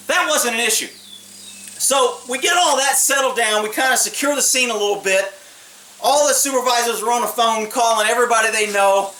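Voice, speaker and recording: A man's voice: very high-pitched, sharp tone. A man, a police officer, telling a story in a blunt and profane way, laughing now and then. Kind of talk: casual storytelling. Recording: roomy distant mic, faint hiss.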